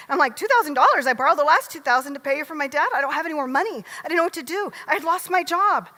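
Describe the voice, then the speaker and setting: A middle-aged woman giving a motivational stage talk, lively and joking, often asking the audience questions. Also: high voice, rapid-fire. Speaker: motivational speaker. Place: large event hall. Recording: long hall reverb.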